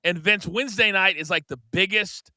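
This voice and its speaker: A middle-aged American man co-hosting a podcast, telling a story in a casual, animated way and acting out the quoted lines. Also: high-pitched, normal speed, no echo. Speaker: podcast co-host.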